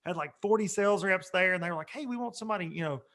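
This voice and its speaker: Podcast co-host, man, high voice, laughing casual storyteller. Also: very fast, fairly bright tone.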